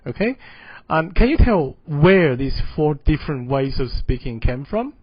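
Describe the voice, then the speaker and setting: A man's voice: on the high side, animated, moderate pace, breathy edge, no echo. Man lecturing, with frequent "okay?". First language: Mandarin. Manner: frequent "okay?" checks, hesitant fillers. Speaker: university lecturer. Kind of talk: classroom mini-lecture. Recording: dull, dry classroom audio.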